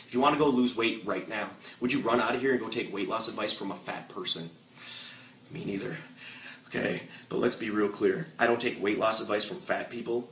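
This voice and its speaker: A man giving an energetic, joking motivational sales training talk to an audience, firing off rhetorical questions. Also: lowish voice, a little hiss or hum. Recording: echoey room, mic far off.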